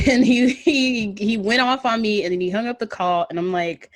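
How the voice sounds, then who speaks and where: A woman's voice: fairly high pitch, steady tone, normal speed, no echo, clean studio sound. A slightly tipsy woman telling a story in casual podcast chat, loose and laughing, with plenty of ums and swearing. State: a little tipsy. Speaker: podcast co-host.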